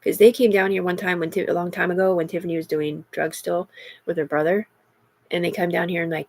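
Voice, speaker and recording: A woman's voice: on the low side, little pitch movement, brisk, darkish tone. A middle-aged woman in an agitated, rambling livestream monologue, heavy with profanity.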